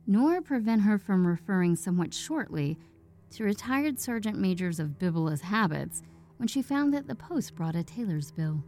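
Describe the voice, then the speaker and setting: A woman narrates a story in a warm, mellow voice, measured and even. Faint music plays softly in the background. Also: medium pitch.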